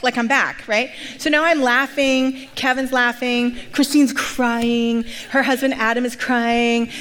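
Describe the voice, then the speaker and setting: Casting: middle-aged woman pastor, fairly high voice, animated storyteller, personal testimony. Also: normal speed, big-room sound. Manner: lively storytelling, acting out quoted voices.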